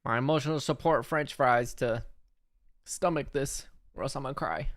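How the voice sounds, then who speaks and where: A man hosting a livestream watch party, giving casual, excitable play-by-play of a fight and swearing freely. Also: medium pitch, normal speed. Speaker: livestream host.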